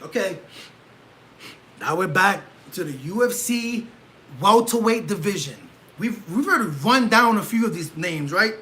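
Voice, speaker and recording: A man with a high, bright voice hosts his own livestream, firing off rhetorical questions and often turning loud and excitable. A faint hiss sits under the recording. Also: measured pace, low-quality recording. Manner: animated, rhetorical, keeps asking "right?". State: leg cramp. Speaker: livestream host. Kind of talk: casual livestream commentary.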